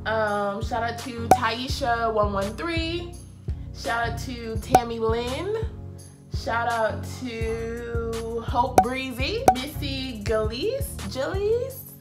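A woman's voice: a little high, lively intonation, very slow. A young woman talking casually and openly to her viewers in a faith vlog, chatty and confiding. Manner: chatty, warm-hearted, confiding, heartfelt. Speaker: vlogger. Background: soft background music.

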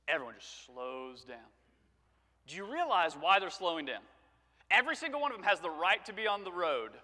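A man's voice: high-pitched, sharp tone. A male preacher giving a conversational sermon, telling stories and asking rhetorical questions. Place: church sanctuary. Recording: reverberant church sanctuary.

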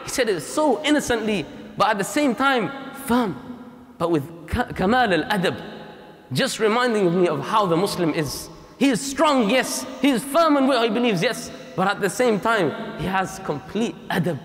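In a mosque prayer hall, a man delivers a Friday sermon with impassioned emphasis, repeating key lines and weaving in Arabic phrases. His high voice is sing-song and fairly bright at a moderate pace, and the hall's long reverb surrounds it.

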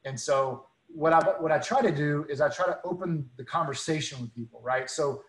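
A man's voice: fairly high pitch, fairly quick, echoey room, poor audio. Earnest man telling a faith story. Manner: earnest, many restarts and repeated words. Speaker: guest speaker.

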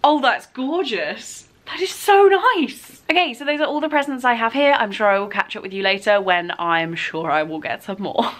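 Young female vlogger, gushing and squealy, pitch all over the place. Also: moderate pace, a little hiss or hum. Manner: gushing, excitable, squeals with delight. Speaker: book vlogger. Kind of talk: casual vlog, unboxing presents.

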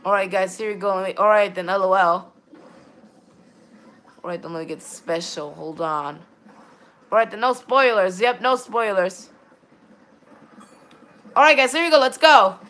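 Rambling bright-voiced woman streamer. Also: medium pitch, moderate pace, long pauses. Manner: rambling, keeps repeating "all right then"; reads viewer chat aloud and greets viewers. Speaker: game streamer. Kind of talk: live gameplay stream chat.

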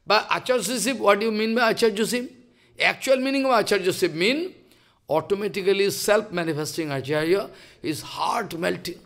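Bengali-accented male preacher, high gravelly voice, impassioned sermon. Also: fairly bright tone. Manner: impassioned, halting, acts out quoted dialogue. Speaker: spiritual teacher. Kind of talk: devotional sermon.

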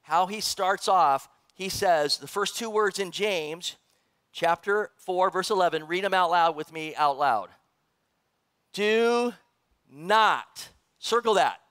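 A middle-aged man, a pastor, preaching in a church, animated and joking with the congregation. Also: high-pitched, slow pace, clear, resonant tone, no room sound. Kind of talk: sermon. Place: church sanctuary.

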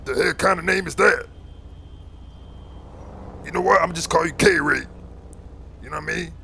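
A man's voice: fairly high pitch, normal speed, creaky, bright, forceful tone, slight background noise. A man voicing a bossy street gang recruiter, full of slang, constantly calling others boy and man.

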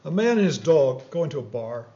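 A man giving a lecture and answering questions, speaking in a measured, hesitant way with frequent fillers, on a slightly dull recording. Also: fairly high pitch, big pitch swings, warm tone. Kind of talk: lecture Q&A, telling a joke.

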